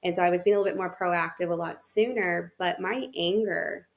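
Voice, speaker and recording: A family therapist appears as a podcast guest, telling her own story openly and emotionally and acting out the thoughts she had back then. Her voice is on the low side, fairly quick, with vocal fry, in a candid personal storytelling style.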